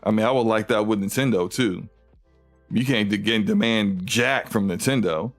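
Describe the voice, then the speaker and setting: A man's voice: on the low side, moderate pace. Ranting male gaming streamer over faint music. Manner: animated, mocking, ranting with mock impressions. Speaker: livestream host. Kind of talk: casual gaming commentary stream.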